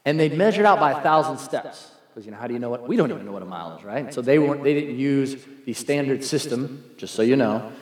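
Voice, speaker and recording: A man preaching a sermon as a pastor, animated and acting out the voices he quotes. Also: medium pitch, quick pace, hardly any pauses. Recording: echoey hall, long reverb.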